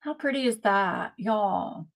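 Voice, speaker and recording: A woman hosting a casual live-stream craft unboxing from home, gushing and excitable as she chats to viewers. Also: medium pitch, takes it slowly. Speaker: craft channel host.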